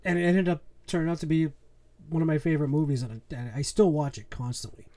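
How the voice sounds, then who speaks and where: A man's voice: on the high side, quick pace, warm tone. A man co-hosting a podcast, chatting casually and telling personal stories with laughter. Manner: chatty storyteller, laughs along. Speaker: podcast co-host. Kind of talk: casual chat about horror movies.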